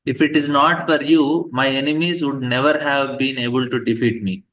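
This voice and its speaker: A fallen king, full of pride, who rails and boasts even in defeat, as a man reads his words aloud in a scripture class. The recording is dull and lo-fi. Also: mid-range voice, moderate pace, natural voice. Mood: indignant. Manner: indignant, boastful retelling. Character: proud defeated male king, defiant and boastful.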